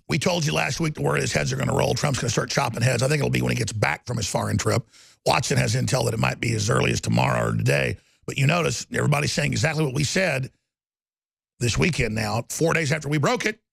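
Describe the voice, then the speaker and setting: A man hosting a political talk show, ranting rapidly and heatedly with stammering restarts. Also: mid-range voice, creaky, a bit bright, husky, no room sound.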